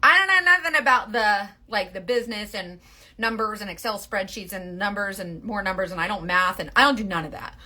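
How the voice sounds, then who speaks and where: Bright rambling woman in her forties. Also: medium pitch, lively intonation, a little fast. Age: 40s. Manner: rambling, full of "like" and self-interruptions. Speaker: makeup direct sales team leader. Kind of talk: casual chatty monologue.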